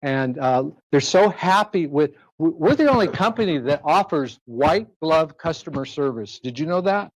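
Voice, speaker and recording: A man with a voice on the higher side of average delivers a live sales pitch to a roomful of people. He talks persuasively, repeating prices and throwing rhetorical questions out to the crowd for answers. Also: expressive, moderate pace, few pauses. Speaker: sales presenter. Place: presentation room with a live audience.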